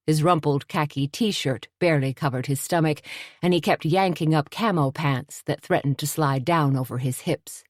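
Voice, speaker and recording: Low-voiced woman narrating an audiobook. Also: dry recording, clean studio sound. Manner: steady, measured storytelling.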